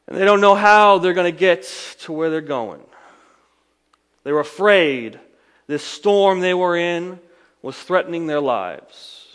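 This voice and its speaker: A male preacher delivers a sermon in a somewhat higher voice. He retells the story dramatically, surging loud and then falling almost to a whisper. His voice carries a long reverb, as in a church hall. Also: lively intonation, unhurried, smooth. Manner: dramatic storytelling, swings between loud emphasis and hushed lines. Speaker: pastor.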